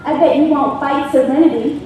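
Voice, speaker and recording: A taunting loudmouth schoolboy, pushy and always stirring up trouble, as a woman puts him on during a stage story. The voice sits high and is heard from afar in a ringing, echoey hall. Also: steady tone, fairly quick, far from the mic, a little hiss or hum, natural voice. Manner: taunting, egging on. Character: loudmouth middle-school boy instigator, pushy.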